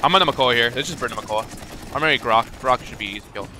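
A man giving live gameplay commentary, coaching his teammates and shouting at big moments. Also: medium pitch, fast talker. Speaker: gaming video creator.

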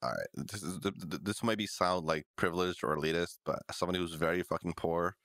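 Deep, bright-voiced young man chatting. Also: fast, dry recording, studio quality. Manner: laid-back, swears freely, many fillers. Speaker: podcast co-host. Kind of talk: casual chat.

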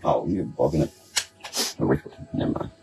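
A man's voice: extremely low pitch, animated, measured pace, vocal fry, dark tone. A man on a casual livestream, rambling and swearing, who keeps asking "you see what I mean". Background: background music.

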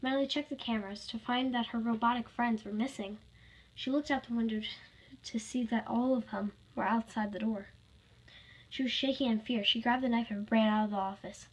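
A woman's voice: fairly high pitch, fairly even intonation, brisk, rough recording. A woman reading her own fan story aloud, plainly, with small slips.

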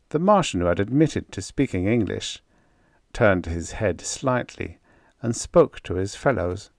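A man narrating a science fiction short story as an audiobook, reading slowly and deliberately. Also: on the low side, darkish tone, no echo, clean studio sound. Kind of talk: scripted narration.

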